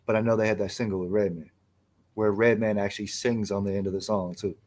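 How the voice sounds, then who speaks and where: A man's voice: fairly low pitch, fairly even intonation, quick pace, darkish tone. A man co-hosting a podcast in casual chat, talking in a laid-back, slangy way. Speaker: podcast co-host.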